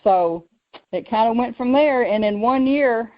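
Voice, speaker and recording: Woman storyteller, lively, muffled radio sound. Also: a little high, unhurried. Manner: lively, acts out quoted voices, laughs often. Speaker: radio show host telling her story. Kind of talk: personal storytelling on faith talk radio.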